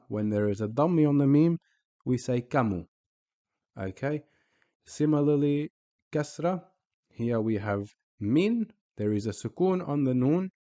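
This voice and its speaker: A man's voice: medium pitch, dark tone, lo-fi sound. A man teaching a recorded Arabic lesson, speaking patiently and repeating each example word.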